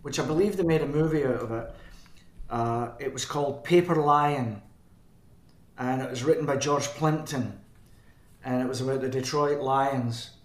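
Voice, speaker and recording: A man's voice: mid-range voice, moderate pace. Scottish man telling stories, roomy sound. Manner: rambling, self-correcting, chuckling. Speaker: band frontman, guest. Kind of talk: anecdotal storytelling. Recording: roomy echo.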